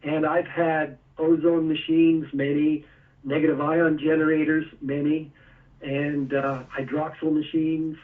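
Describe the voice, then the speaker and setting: A man's voice: a little high, level tone, measured pace, far from the mic, narrow, tinny audio. A man being interviewed, explaining step by step with a few chuckles. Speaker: guest, energy tool maker. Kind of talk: casual interview.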